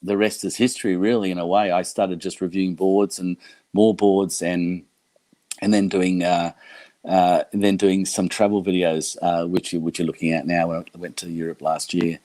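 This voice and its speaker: A man's voice: low-pitched, level tone, moderate pace, mellow, dry recording. A man, chatting casually on a livestream, rambling with many fillers and restarts. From Australia. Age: 60s. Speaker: YouTube creator and electric skateboard rider.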